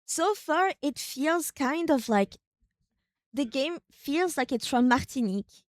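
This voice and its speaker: A woman streaming a video game, chatting casually, thinking aloud in a rambling way with sudden excited outbursts. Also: high-pitched, takes it slowly, dry recording, clean studio sound.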